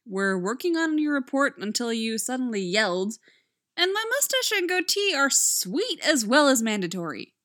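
A woman's voice: high voice, very animated, normal speed, fairly bright tone, no room sound, studio quality, voice pushed up. A woman reading fan fiction aloud, voicing a goofy, childish young man detective with whiny, defensive banter. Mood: smug.

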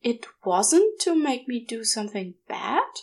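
A woman's voice: on the high side, big pitch swings, exaggerated voice. A woman voicing a nervous, earnest young boy. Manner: nervous, halting, pleading. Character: anxious, earnest young boy who argues. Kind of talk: audiobook character reading.

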